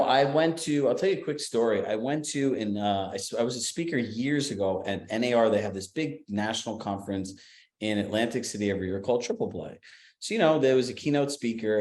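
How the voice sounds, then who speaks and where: A man's voice: fairly low pitch, fast, darkish tone, reverberant. A man giving a coaching seminar talk to real estate agents in an emphatic, conversational way. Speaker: business coach.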